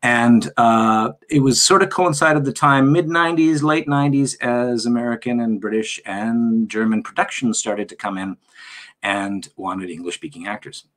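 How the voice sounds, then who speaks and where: A man's voice: medium pitch, moderate pace. A middle-aged man telling stories as a guest on a video call interview, acting out quotes as he goes. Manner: animated storyteller, acts out quotes. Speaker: guest actor. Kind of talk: casual interview chat.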